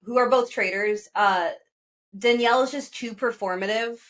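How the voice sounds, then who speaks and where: A woman's voice: a little high, moderate pace. A woman co-hosting a pop culture podcast, gossiping in a casual chat and acting out what people said. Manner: animated gossiping, acts out quotes. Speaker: podcast co-host.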